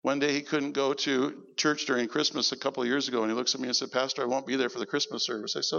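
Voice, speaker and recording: Gravelly, bright-voiced pastor telling a story. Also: male voice, quick pace, big-room sound, lo-fi sound. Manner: animated storyteller, quotes people in a lowered voice. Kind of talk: sermon storytelling. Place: church service.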